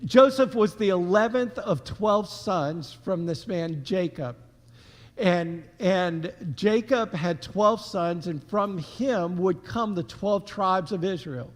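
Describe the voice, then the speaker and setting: A man preaching a sermon as pastor, telling the story in a conversational, animated way with casual slang. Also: high voice, slow, big-room sound. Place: church sanctuary.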